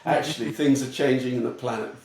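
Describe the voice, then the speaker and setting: With a crowd audible behind him, a medium-pitched English man speaks briskly and with fairly even intonation. As a retail futurist guest on a casual interview podcast, he tells blunt, lively stories and laughs often, in an echoey room with slight background noise.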